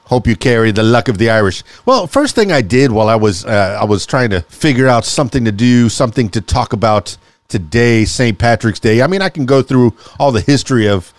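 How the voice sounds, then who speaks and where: A man's voice: medium pitch, no echo. A man hosting a casual solo podcast, upbeat and chatty, laughing often. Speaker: podcast host. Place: small radio studio.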